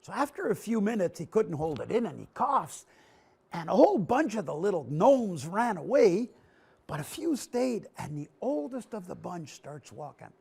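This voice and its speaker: Male storyteller, high-pitched and gravelly, performs for children. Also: normal speed. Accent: Canadian English. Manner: animated, acts out scenes with gestures. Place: TV studio. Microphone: broadcast mic.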